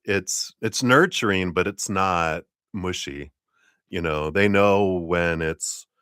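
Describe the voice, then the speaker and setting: Deep-voiced chatty man reading tarot. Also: slow pace, clear, resonant tone, dry recording, studio quality. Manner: chatty, animated, laughs often, many fillers. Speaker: tarot reader. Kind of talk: live-streamed tarot reading.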